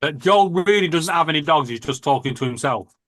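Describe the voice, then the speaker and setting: A man's voice: a little high, expressive, brisk, fairly bright tone, dry recording, clean studio sound. A man chatting on a live show, throwing out teasing, joking questions. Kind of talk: casual chat.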